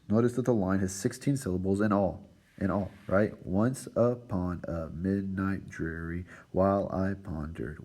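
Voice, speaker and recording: A man's voice: low voice, darkish tone. A man teaching a recorded literature lesson to his students, checking in with "right?" and "all right" after nearly every point.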